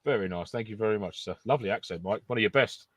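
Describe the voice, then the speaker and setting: A man's voice: on the low side, quick pace, a crowd in the background. A man co-hosting a podcast, trading jokey, matey banter. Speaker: podcast co-host.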